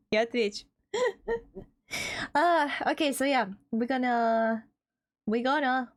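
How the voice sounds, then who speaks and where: High-voiced Russian-accented young woman. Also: expressive, slow pace, pauses often, no room sound. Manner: chatty, laughs often, reads chat aloud. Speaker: VTuber streamer. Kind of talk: casual livestream chat.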